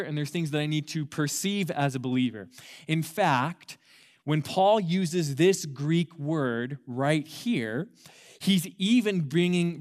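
A male youth pastor in his thirties delivers a sermon in a slightly higher-pitched voice. He talks in a relaxed, storytelling way and then leans hard on key words, repeating them for emphasis. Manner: conversational storytelling opener.

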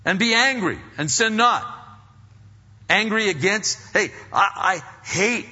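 A pastor with a high, husky, sharp-toned voice preaches an earnest sermon slowly and expressively, often restarting sentences and acting out inner voices. The recording is dull and lo-fi, with long hall reverb.

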